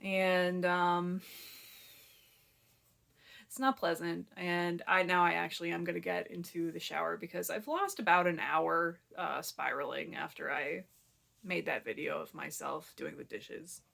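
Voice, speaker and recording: A young woman speaks candidly to her camera at home in a confessional vlog. Her voice sits low with a gravelly fry, and her speech is halting, with restarts and moments of tearful breathlessness. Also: fairly even intonation, a bit bright. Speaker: vlogger. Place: home, kitchen and living room.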